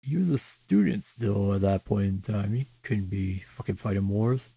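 A man's voice: lowish voice, lively intonation, moderate pace, creaky, mellow, husky, no room sound. A young man co-hosting a casual chat, swearing freely and making sarcastic jokes. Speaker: podcast co-host.

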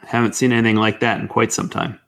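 A man's voice: on the low side, steady tone, fast talker, creaky, a bit bright. A man voicing an honest, long-serving male police detective in a tabletop game, speaking plainly.

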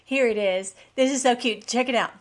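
A woman's voice: a little high, a little fast. A woman hosting her own channel, talking in an enthusiastic, rambling way with frequent restarts. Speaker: channel host. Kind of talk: casual vlog chat.

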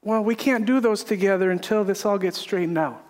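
A man voicing God as a gentle, fatherly figure who speaks softly and intimately. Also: high voice, fairly quick, natural voice. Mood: tender. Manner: soft, intimate, coaxing. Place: church sanctuary. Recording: echoey hall reverb.

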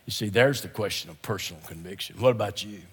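A man preaching a sermon as a guest speaker, emphatic and repetitive, swinging between loud declarations and hushed asides, often clearing his throat. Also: fairly low pitch, fast talker, big-room sound.

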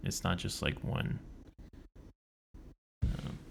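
A young man co-hosting a podcast, relaxed and quick to laugh. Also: slight background noise. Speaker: podcast co-host. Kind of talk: casual chat.

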